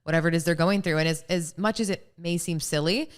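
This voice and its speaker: A woman co-hosting a podcast in casual chat, lively, laughing often and acting out little bits as she talks. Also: fairly low pitch, fast talker.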